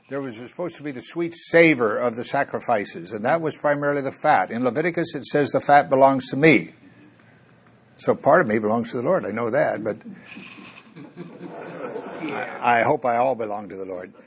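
Male Bible teacher, husky voice, mid pitch, casual folksy asides between weighty scripture reading. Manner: folksy, conversational, with asides and jokes; reads scripture slowly and emphatically. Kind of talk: expository sermon.

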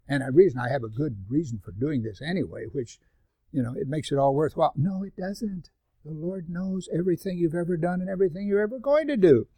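An older man preaching a sermon, moving from loud, emphatic scripture reading to quiet, conversational asides with rhetorical questions for the congregation. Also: a little high, animated, brisk, no echo. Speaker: pastor.

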